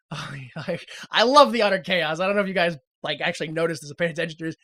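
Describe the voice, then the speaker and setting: A woman co-hosting a casual podcast, recapping a TV episode and acting out the characters in loud, exaggerated voices. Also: fairly low pitch, fast. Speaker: podcast co-host.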